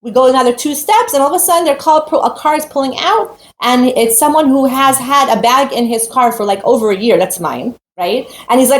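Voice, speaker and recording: A woman teaching Torah through a lively personal story, acting out the voices of the people in it. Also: high voice, fairly quick, few pauses. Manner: animated storytelling, acts out quoted voices. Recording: roomy echo with faint background noise.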